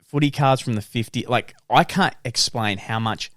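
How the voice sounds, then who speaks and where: A young man co-hosting a podcast in casual chat, relaxed and frank, swearing casually. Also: medium pitch, moderate pace, no room sound, clean studio sound. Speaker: podcast co-host.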